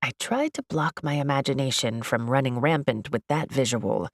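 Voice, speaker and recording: Audiobook narrator: woman, low voice, expressive and upbeat, dry close studio sound. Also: normal speed, dry recording. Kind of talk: first-person audiobook narration.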